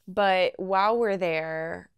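A young woman hosting a podcast, telling a personal story at home in a chatty, animated way and laughing often. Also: on the low side, slow pace, clean tone, no echo. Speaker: podcast host. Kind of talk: casual storytelling.

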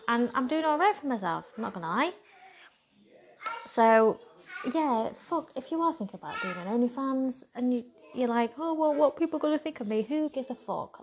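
A woman's voice: fairly high pitch, slight background noise. Blunt, foul-mouthed woman in her thirties. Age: 30s. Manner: blunt, heavy swearing, defiant. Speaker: content creator. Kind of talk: casual monologue to camera.

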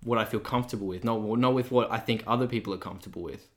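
A young man co-hosting a podcast, talking casually and thoughtfully with a croaky, sore voice. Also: lowish voice, very fast. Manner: thoughtful, rambling with restarts. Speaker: podcast co-host. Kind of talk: casual chat.

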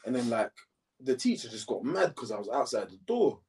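A young man with telling a school story in casual chat, animated and laughing as he acts out both sides. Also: medium pitch, a little fast, distant mic.

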